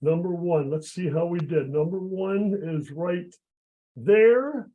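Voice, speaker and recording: A man's voice: high-pitched, slow, narrow, tinny audio. A man performing a live magic act by video call, chatty and encouraging, with a cold that is making him lose his voice.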